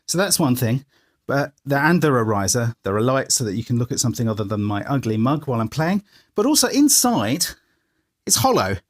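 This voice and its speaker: A man's voice: medium pitch, big pitch swings, brisk. A man and band member showing viewers around his music studio, chatting as he explains his gear step by step. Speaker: musician giving a studio tour. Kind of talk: casual walkthrough. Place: band's music studio, indoors.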